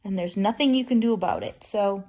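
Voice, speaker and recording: A woman's voice: mid-range voice, a little fast, dark tone. A woman talking straight to camera in an emotional personal vlog, bitter and raw, with wry laughs between her points. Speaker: vlogger.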